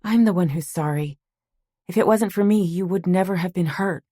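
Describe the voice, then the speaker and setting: A woman playing a worried young woman at a bedside, earnest and gentle, soothing with a slightly raised voice. The audiobook sound is dry and close. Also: on the low side, normal speed, slightly rough, dry recording, pitched above the performer's own voice. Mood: anxious, soothing. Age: late 20s. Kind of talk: audiobook narration.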